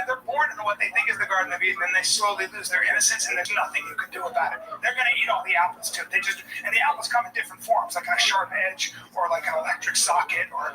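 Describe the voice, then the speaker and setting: A man in his forties performing a sardonic stand-up comedy set, bursting into shouts at times. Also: high-pitched. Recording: distant mic with clear background noise.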